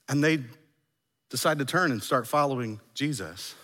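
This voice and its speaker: A male pastor preaching a sermon, animated, acting out the lines he quotes. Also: a little high, normal speed, long reverb tail.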